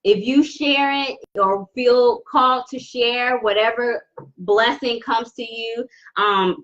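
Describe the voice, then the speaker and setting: A woman giving a live tarot reading, talking slowly with many restarts as she holds back tears. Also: a little high, highs cut off. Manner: warm, emotional, halting with many restarts. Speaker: tarot reader. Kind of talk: live-stream card reading.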